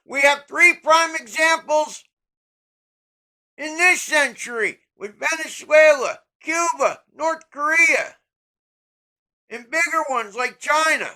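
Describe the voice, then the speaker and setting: A middle-aged speaker with a high voice rants about politics, swearing freely and bursting into shouts. The tone is bright and sharp, heated from start to finish. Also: lively intonation, takes it slowly, pauses often, poor audio. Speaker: political commentator. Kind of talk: angry political rant.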